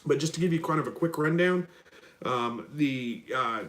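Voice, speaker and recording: A man from Southwest with a stuffy nose, hosting a relaxed live chat and reading out viewer questions. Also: fairly high pitch, normal speed. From Southwest Missouri. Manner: easygoing, rambling, chuckles often. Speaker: livestream host.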